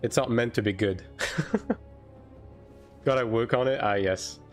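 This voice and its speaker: A man chatting casually on a live game stream, answering chat with lots of fillers and quick bursts. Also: mid-range voice, soft background music.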